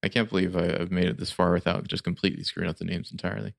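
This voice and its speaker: A man's voice: low voice, flat delivery, racing, vocal fry, no room sound, studio quality. A man co-hosting a podcast, making laid-back, wry asides in casual movie chat. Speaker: podcast co-host.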